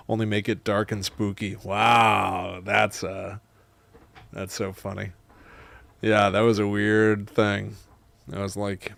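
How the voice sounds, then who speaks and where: A man writing a horror story live, dictating slowly and musing, then chatting with viewers. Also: fairly low pitch, creaky, no echo. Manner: slow, halting and musing; lively and chatty with his viewers.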